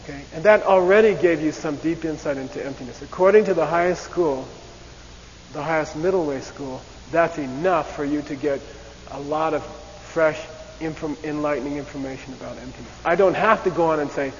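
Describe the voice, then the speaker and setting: A man lecturing to a class in a raised voice that keeps checking in with the room. His voice sits a bit high and trails off into a long hall reverb. The recording is dull and lo-fi, with a faint hiss underneath. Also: a little fast. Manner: animated, repeats "okay?" and acts out debate voices. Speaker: teacher.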